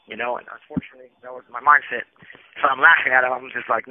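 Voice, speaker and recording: A man talks quickly over a thin, tinny prison phone line, and his voice sounds dry and close. He tells his story candidly, rambling, restarting often and slipping into the voices of the people he quotes. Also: medium pitch, fairly even intonation, no room sound. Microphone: telephone.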